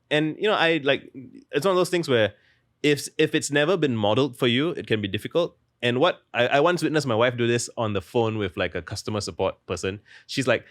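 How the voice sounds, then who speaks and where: A man's voice: medium pitch, expressive, quick pace, a bit bright, dry recording, clean studio sound. A young man talking casually as an interview guest, rambling and full of "like" fillers. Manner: rambling, heavy use of "like", restarts mid-thought. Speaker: guest author.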